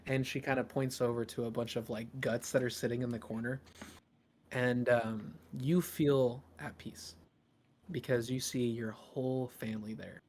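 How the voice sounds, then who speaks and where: A man's voice: mid-range voice, steady tone, darkish tone. Guy running a tabletop game on a podcast mic, lots of ums and restarts. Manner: halting, full of ums and restarts. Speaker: game master. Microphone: podcast microphone.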